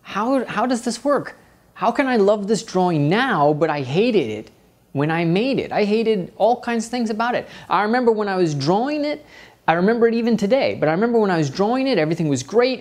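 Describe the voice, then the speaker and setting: Animated man telling a personal story. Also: fairly high pitch. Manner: animated, acts out his inner voice. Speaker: art teacher.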